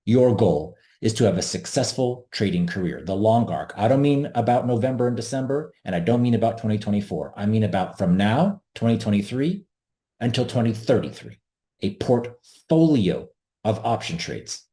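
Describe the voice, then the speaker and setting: A man's voice: fairly low pitch, sing-song, normal speed, warm tone. A man hosting an options trading webinar, talking earnestly and emphatically and repeating his key points. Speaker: webinar host, options trader. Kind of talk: presenting a webinar.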